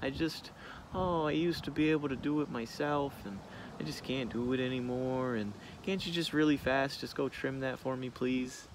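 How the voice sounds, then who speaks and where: A young man imitating an older woman customer who pleads softly and plays helpless. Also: mid-range voice, normal speed, noisy background, voice pushed up, close to an everyday voice. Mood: pleading. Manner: pleading, wheedling, soft.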